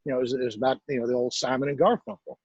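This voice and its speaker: A man's voice: medium pitch, steady tone, racing, a little mellow, breathy edge, dry recording, lo-fi sound. A man hosting an interview podcast, talking in a thoughtful way and repeating words as he searches for them. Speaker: podcast host. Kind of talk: reflective interview chat.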